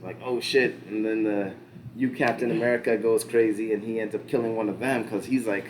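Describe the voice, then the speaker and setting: A man with a fairly low voice talks through a show recap in relaxed, meandering podcast chat. He leans on fillers and restarts and swears freely as he goes. A faint ambient hum sits behind him. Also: fairly quick. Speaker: podcast co-host. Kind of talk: casual pop-culture discussion.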